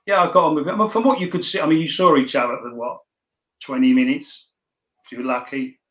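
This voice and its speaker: Male podcast guest, blunt anecdotal storyteller with frequent swearing, middle pitch, echoey room sound. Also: steady tone, quick pace, a bit bright, dull audio. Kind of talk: casual storytelling. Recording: roomy echo.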